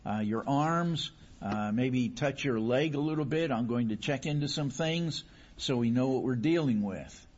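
A man playing a calm surgeon who gently explains and pleads to examine an injured neighbor, with a husky voice. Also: mid-range voice, measured pace, dull audio, natural voice. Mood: pleading calmly. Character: calm skilled surgeon, patient and persuasive.

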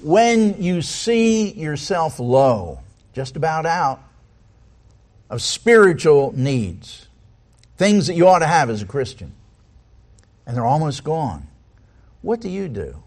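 A man's voice: fairly high pitch, very animated, takes it slowly, long pauses. A man preaching a sermon, reading scripture aloud and putting many rhetorical questions to the congregation.

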